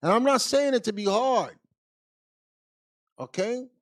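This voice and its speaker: A man's voice: very high-pitched, expressive, a little slow. A man teaching as a deacon, answering viewer questions in a Bible class in a blunt, emphatic, street-casual way.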